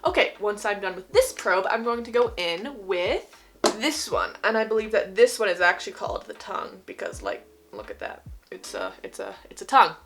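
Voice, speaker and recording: This beauty vlogger, a young Utah woman with a faint Utah accent, talks through her skincare routine at home in a cheerful, wandering way. Her medium-pitched voice is sing-song, a little fast and a bit bright, with faint music behind her.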